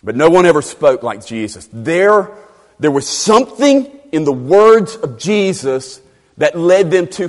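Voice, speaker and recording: A man preaching an expository sermon, emphatic and animated, repeating phrases for stress. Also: on the high side. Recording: long reverb of a large hall.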